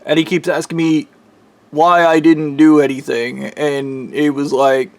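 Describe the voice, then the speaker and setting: Male vlogger, slightly high pitch, rambling, profane, frustrated casual monologue. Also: flat delivery, unhurried, no room sound. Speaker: vlogger recounting a dream.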